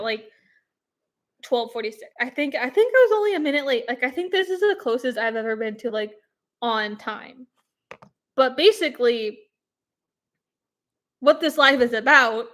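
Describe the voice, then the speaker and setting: A young woman with a high, light voice hosts a casual livestream from home. She rambles cheerfully and pokes fun at herself as she chats. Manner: chatty and rambling, self-deprecating. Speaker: YouTube livestream host.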